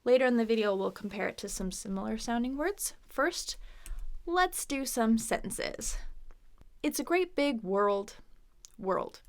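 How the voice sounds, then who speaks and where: An American woman teaching English pronunciation, repeating words slowly and carefully, with playful, chatty asides. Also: medium pitch, creaky, fairly bright tone. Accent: General American. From United States. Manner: repeats words slowly, exaggerating mouth positions. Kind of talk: slow, deliberate pronunciation lesson.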